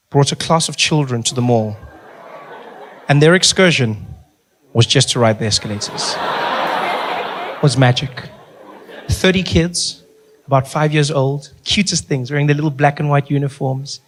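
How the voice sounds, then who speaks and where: A male stand-up comedian telling stories on a live stage in an animated, playful way, using a handheld mic. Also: medium pitch, moderate pace, pauses often, a faint crowd. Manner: animated, playful storytelling with big vocal swings. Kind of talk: stand-up storytelling. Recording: live comedy club with noise.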